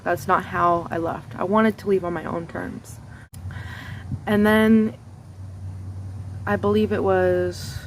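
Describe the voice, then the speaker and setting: A young woman speaks to her viewers in a confessional vlog, telling a painful personal story. Her voice sits at a middle pitch, and her way of talking is candid and raw, with blunt swearing. A faint hiss of background noise stays under her speech. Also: a little mellow, poor audio. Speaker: vlogger.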